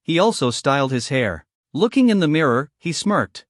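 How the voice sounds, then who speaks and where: Male recap narrator with an animated, slightly high delivery. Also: moderate pace, dry recording, studio quality. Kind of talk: scripted story narration.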